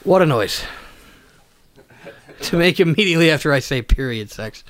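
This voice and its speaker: A man co-hosting a comedy podcast, tossing out wry, deadpan one-liners in casual chat. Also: on the high side, moderate pace, crowd noise. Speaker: podcast co-host.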